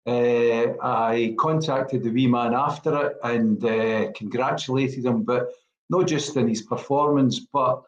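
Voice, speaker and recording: A man's voice: medium pitch, fairly even intonation, measured pace, echoey room, dull audio. A Scottish man in his sixties from Glasgow, a former footballer telling rambling stories with many fillers in an interview. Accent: Glaswegian Scottish. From Scotland. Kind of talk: relaxed storytelling interview.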